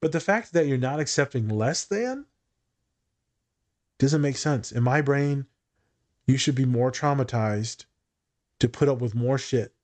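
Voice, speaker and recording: A man's voice: medium pitch, unhurried, long pauses. Fields: Sex: man. Role: podcast therapist. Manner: casual, swears freely. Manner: swears freely, quotes others in animated voices, repeats words.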